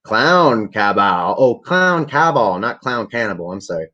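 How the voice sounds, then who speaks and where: A man's voice: medium pitch, sing-song, normal speed, a bit bright, lo-fi sound. A man telling a rambling, profane story in a laid-back, casual way to a livestream audience. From Canada. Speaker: vlogger.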